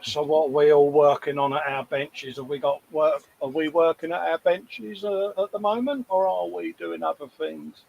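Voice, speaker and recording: A man's voice: fairly high pitch, steady tone, normal speed, gravelly, few pauses, darkish tone, lo-fi sound. A man chatting casually and jokily while co-hosting a hobby livestream, often mocking himself. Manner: chatty, jokey, self-mocking, breaks into quoted voices. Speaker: co-host of a model-building livestream. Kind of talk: casual chat.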